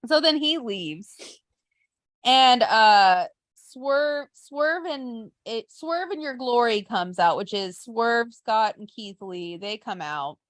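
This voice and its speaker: Woman, high voice, dry close sound, casual chat, profane storytelling. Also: expressive, fairly bright tone, no echo. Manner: swears freely, retells events with quick quoted asides. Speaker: podcast co-host.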